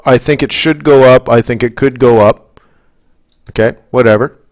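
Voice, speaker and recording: Man from canada, live trading coach, rambling, emphatic, mid-pitched voice. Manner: rambling, talks in asides, keeps checking in with the audience; gets worked up and emphatic. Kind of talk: live market commentary webinar.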